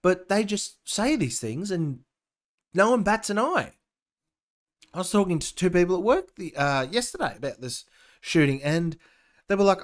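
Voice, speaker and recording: A man's voice: sits high, sing-song, normal speed. A young Australian man hosting a casual opinion podcast, ranting and sarcastic as he reads the news and cuts in with his own comments. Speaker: podcast host.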